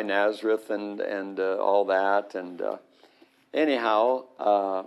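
A man with a lowish, gravelly voice speaks slowly and clearly, his tone resonant though the highs are cut off. He's a guest on a Christian talk show, telling a storytelling testimony as an animated anecdote and acting out the voices.

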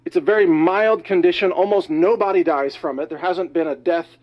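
Male commentator, high-ish voice, winded, urgent rapid-fire delivery, muffled lo-fi recording. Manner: rapid, alarmed, emphatic delivery. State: out of breath. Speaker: news commentator. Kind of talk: urgent news monologue.

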